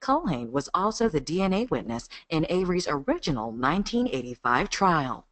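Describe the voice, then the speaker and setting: A woman's voice: low voice, big pitch swings, brisk, a bit bright. Woman doing a grave mature American narrator.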